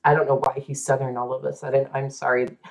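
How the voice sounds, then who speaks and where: A woman hosting a podcast, telling a true story in a casual, dramatic way, with asides and quick voices for the people in it. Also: a bass voice, little pitch movement, a little mellow.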